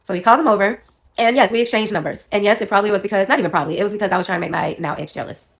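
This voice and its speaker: Quick-talking woman, under the weather. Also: mid-range voice, creaky. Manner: quick, rambling, self-correcting storyteller. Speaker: storyteller in a clip. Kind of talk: personal storytime.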